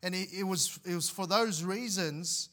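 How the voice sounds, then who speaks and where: A man's voice: sits high, a little slow, fairly bright tone. A man preaching a sermon as pastor, earnest, often restarting and repeating words as he explains scripture.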